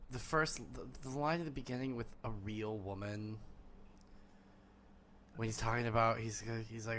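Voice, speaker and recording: A man's voice: fairly low pitch, fairly even intonation, normal speed, long pauses, a bit bright, slight background noise. A man co-hosting a podcast, reacting to a book in casual chat full of sarcastic, mocking riffs. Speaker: podcast co-host.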